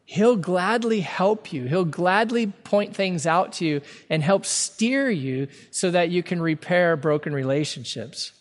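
A man preaching a sermon as a pastor, earnest and emphatic, often restarting his words. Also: high voice. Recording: long hall reverb.

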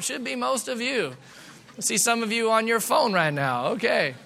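A middle-aged man preaching a sermon in a church, lively and conversational, with quick asides to the congregation. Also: very high voice, gravelly. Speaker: pastor. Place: church sanctuary.

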